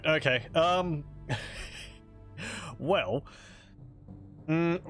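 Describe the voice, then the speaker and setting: A man talking through a game session in a loose, rambling way, his pitch rising and falling freely. He often stops to correct himself mid-sentence. Faint game music plays under his voice. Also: fairly bright tone. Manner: chatty, rambling, self-correcting. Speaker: gaming video host. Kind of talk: casual let's-play commentary.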